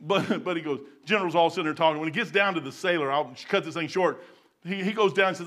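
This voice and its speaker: An older man giving an informal sermon in a folksy, excitable way, breaking into loud outbursts. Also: a little high, fast talker. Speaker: preacher.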